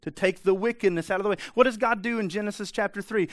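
A man preaching with a fairly high voice, talking straight to his listeners with pointed questions and blunt asides. The sound is close and dry, with no room echo. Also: fast, few pauses, fairly bright tone. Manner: emphatic, conversational preaching with rhetorical questions. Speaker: pastor. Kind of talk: sermon.

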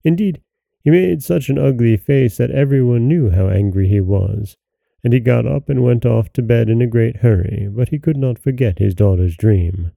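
Gravelly, warm-toned storyteller man. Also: medium pitch, no echo. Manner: measured, expressive storytelling. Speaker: storyteller host. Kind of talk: scripted fairy tale narration.

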